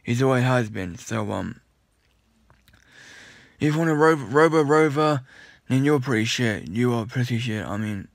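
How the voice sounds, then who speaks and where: A man's voice: mid-range voice, animated, measured pace, creaky, long pauses, no echo. Young guy from the uk ranting on his vlog, annoyed, rambly, restarts a lot, dry close sound. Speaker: vlogger.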